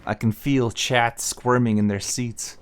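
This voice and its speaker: A male game streamer tossing dry, joking remarks to his chat while he plays. His voice sits at an everyday middle pitch for a man, and he speaks casually and offhandedly. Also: fairly even intonation, a little slow, slight background noise. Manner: wry, joking asides to chat. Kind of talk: casual gameplay commentary.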